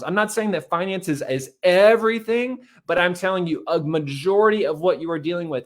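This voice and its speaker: A man in his thirties giving a fast, repetitive motivational talk on money and marriage, often calling his listeners "guys.". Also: sits high. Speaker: host.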